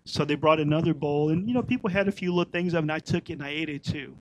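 A man's voice: a little high, racing, poor audio. A middle-aged man giving an informal Torah teaching, talking conversationally and repeating his points for emphasis.

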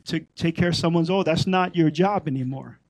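A man's voice: on the high side, a little fast, a little mellow, no room sound, low-quality recording. A middle-aged man giving an informal Torah teaching, talking conversationally and repeating his points for emphasis.

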